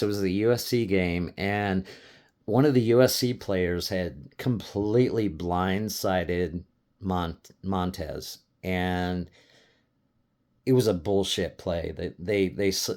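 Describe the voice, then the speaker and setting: Impassioned middle-aged man ranting. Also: low voice. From Colorado. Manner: impassioned, repetitive, swearing, restarts. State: choked up, emotional. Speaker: sports fan. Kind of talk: emotional fan rant.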